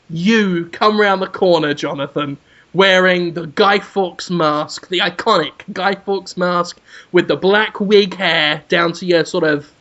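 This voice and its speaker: A man's voice: sits high, muffled recording. A man, a podcast co-host telling a crude comic story with energy. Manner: energetic, crude, hums tunes. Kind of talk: comedic storytelling chat.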